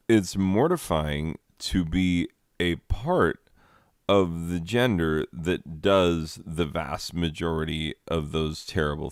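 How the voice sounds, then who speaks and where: A man with a low, smooth voice talking slowly through a loose comedy commentary. He rambles and sounds exasperated, leaning on "like" over and over. The sound is close and dry. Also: no room sound. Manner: rambling, exasperated, lots of "like" fillers. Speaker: comedy commentator reading slides.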